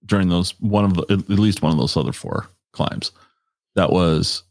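A man's voice: low voice, moderate pace, a little mellow, dry recording. A man hosting a casual interview, prompting his guest with dry teasing remarks. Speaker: host.

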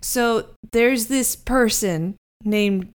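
A woman running a tabletop role-playing session, joking with her players before slipping into descriptive scene narration. Her voice is smooth and clear. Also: on the high side, very slow. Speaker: game master.

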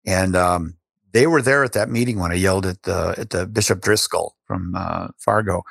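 An older man with a lowish voice tells a personal story as an interview guest. He speaks with animation and often restarts his sentences. The recording is dry and close, with no room sound. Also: normal speed, creaky, fairly bright tone, slightly rough, no room sound.

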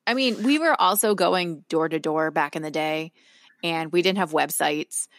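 A woman with a faint Southern accent hosts a relaxed podcast conversation. Her voice sits a bit low and sounds close and dry into her own microphone. She tells stories freely and laughs often. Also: no room sound. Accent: slight Southern US. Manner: talkative storyteller, quick to laugh. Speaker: podcast host. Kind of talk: casual chat.

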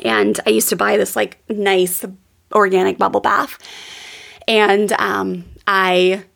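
A woman's voice: medium pitch, level tone, takes it slowly, vocal fry. A woman in her thirties hosting a podcast, telling a heartfelt personal story in an earnest way, with plenty of "um" and "like.". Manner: earnest, warm-hearted, with frequent fillers like "um" and "like". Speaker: podcast host.

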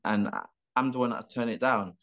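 The medium-pitched voice is brisk and a bit bright, belonging to a professional boxer in a remote interview. He rambles animatedly with restarts and curses, captured by a video call mic with dull lo-fi sound.

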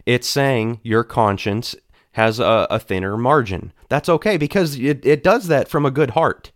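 A man's voice: mid-range voice, animated, a little slow, dry recording, clean studio sound. A man on a church discussion panel, explaining Bible passages earnestly, with frequent restarts.

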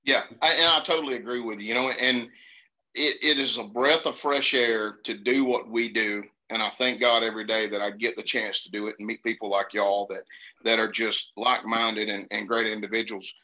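A man from Georgia with a Southern accent, telling hunting stories in an earnest, animated way in casual conversation. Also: fairly low pitch, normal speed. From Georgia, USA. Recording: dull lo-fi sound.

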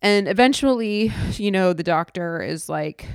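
A woman's voice: mid-range voice, animated, a little slow, vocal fry, clear, resonant tone, no room sound, studio quality. A young woman telling her birth story in a casual, emotional way, full of fillers and restarts. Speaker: podcast host. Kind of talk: personal storytelling.

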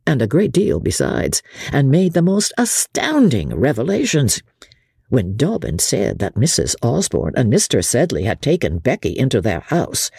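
A woman narrating a classic novel aloud with expressive, varied storytelling. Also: low voice, vocal fry, breathy edge, no echo, studio quality. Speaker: audiobook narrator.

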